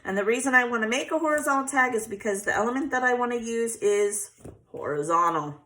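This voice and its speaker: A woman's voice: a little high, animated, fairly quick, sharp tone. A chatty woman, hosting a casual crafting tutorial and often checking in with "okay?".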